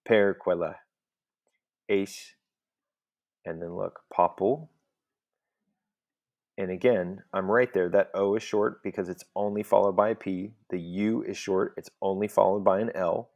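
A man's voice: sits low, fairly even intonation, normal speed, vocal fry, hardly any pauses, a little mellow, dull audio. A man teaching a recorded Latin lesson, explaining step by step in a patient voice and often checking in with "okay?".

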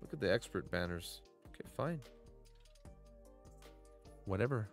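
A man's voice: fairly low pitch, expressive, measured pace, faint music behind. A man in his thirties giving playful, chatty commentary while streaming a mobile golf game and greeting viewers by name.

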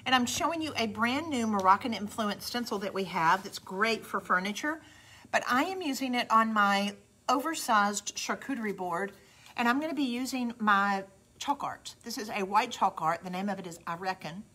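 A woman's voice: mid-range voice, expressive, normal speed, pushed and bright, slightly rough. A middle-aged woman with a Southern US accent hosting a casual live craft demo, chatty and folksy, talking straight to viewers. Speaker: craft host demonstrating a product.

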